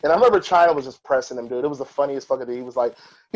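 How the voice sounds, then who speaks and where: A man's voice: fairly high pitch, rapid-fire, rough recording. Candid, profane man telling a story. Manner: candid, profane, animated retelling. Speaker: podcast host. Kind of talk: casual podcast storytelling.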